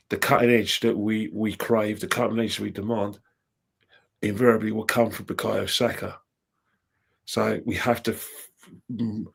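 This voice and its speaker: A middle-aged man co-hosting a fan stream speaks with a husky, gravelly voice. He delivers his views emphatically and insistently, and his voice sits on the low side. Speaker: co-host. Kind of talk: fan talk commentary.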